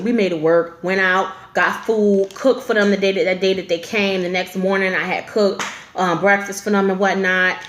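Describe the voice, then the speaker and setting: A woman's voice: medium pitch, fairly bright tone, roomy sound, slight background noise. A woman telling a story to camera in a casual storytime vlog, blunt and profane, with lots of filler.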